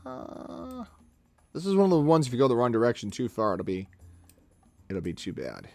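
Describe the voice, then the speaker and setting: A man talking casually on a live stream as he edits photos, narrating each step aloud in a chatty way. His pitch swings widely as he goes, with faint music playing behind him. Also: wildly swooping pitch, gravelly, dry recording. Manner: chatty, talks himself through each step, quick laughs.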